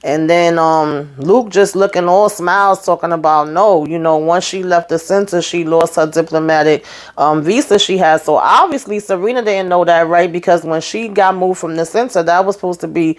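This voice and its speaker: Her fairly low voice moves at normal speed as she casually recaps a TV episode. Animated and chatty, she retells the scenes and calls listeners "child" and "honey."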